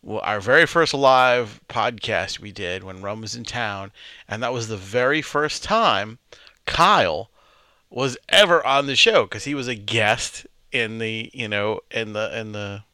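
A man co-hosting a podcast, swinging his pitch widely as he tells crude prank stories. His voice is bright, crisp and resonant. The sound is dry and close. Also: animated, measured pace, no echo. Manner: crude, boisterous storytelling with loud acted-out quotes. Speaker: podcast co-host. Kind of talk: casual chat.

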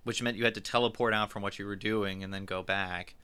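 A man's voice: lowish voice, steady tone, brisk, pushed and bright, smooth. A man co-hosting a podcast, chatting casually about video games and rambling a little with lots of "like". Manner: rambling, many likes. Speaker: podcast co-host. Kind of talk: casual chat.

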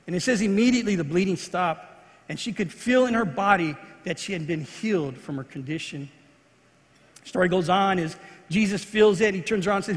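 A man's voice: high voice, brisk, a bit bright, in a large hall. A man preaching a sermon as pastor, earnest, with repeated phrases and restarts. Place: church.

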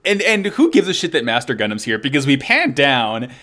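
A man co-hosting a casual podcast recap, animated and profane, often slipping into goofy quoted voices. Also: medium pitch, a little fast. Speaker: podcast co-host.

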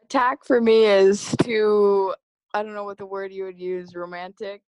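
Woman chatting about poems, blunt and offhand, swears a bit, mid pitch. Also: fairly even intonation, moderate pace, a little mellow, smooth, dry recording. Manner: frank and offhand, with casual swearing. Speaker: podcast co-host. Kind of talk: casual chat.

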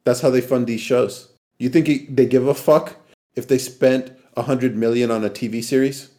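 A man's voice: mid-range voice, steady tone, moderate pace, warm tone. A man hosting a podcast in casual chat, laughing often and swearing casually. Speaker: podcast host.

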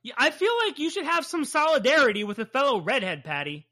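A high-pitched, sing-song woman talks fast as she recaps a comic on her podcast. She's in her thirties, a bit bright in tone, casually enthusiastic and swearing plenty.

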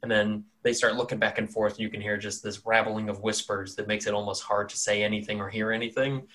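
A man's voice: fairly low pitch, little pitch movement, fast talker, fairly bright tone. A man narrating a tabletop game as dungeon master in a loose, casual, rambling way. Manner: casual, rambling with fillers and laughs.

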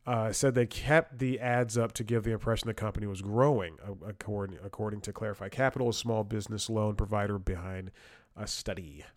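A man with a slightly low voice hosts a casual comedic podcast. He rambles and restarts his sentences, chuckling at his own story, all recorded on a close, dry mic with no room sound. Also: no room sound. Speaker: podcast host.

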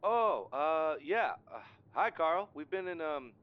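A man's voice: on the high side, lively intonation, slow, lo-fi sound. A man playing an awkward friend who stammers through a voicemail. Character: awkward, hesitant male friend.

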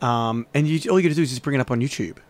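Laid-back Australian podcast host. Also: male voice, mid-range voice, racing. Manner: laid-back, jokey, laughs often. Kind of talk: casual podcast outro and chat.

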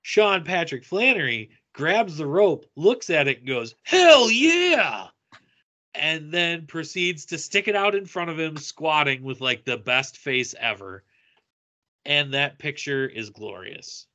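In a fairly high, unhurried voice, a man co-hosting a podcast relates a story from a convention during casual conversation. He delivers it animatedly, performing the quoted lines of the people involved.

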